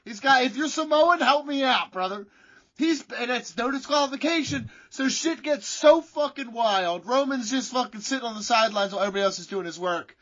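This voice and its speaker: A man's voice: very high-pitched, expressive, brisk, fairly bright tone. A man co-hosting a wrestling podcast, telling a rambling, profane story in casual chat. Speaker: podcast co-host. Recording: dull lo-fi sound.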